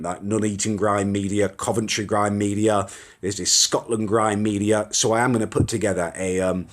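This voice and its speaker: A young man hosting a casual live stream, rambling and reading out viewer comments with mild swearing. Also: fairly low pitch. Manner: chatty, rambling, mild swearing, reacts to comments as they scroll. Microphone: phone or webcam live stream.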